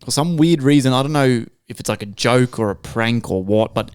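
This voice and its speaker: A man's voice: medium pitch, normal speed, darkish tone, clean tone, no echo, studio quality. A man hosting a podcast, ranting in a casual, swear-heavy way with many restarts. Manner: swearing, rambling rant with restarts. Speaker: podcast host.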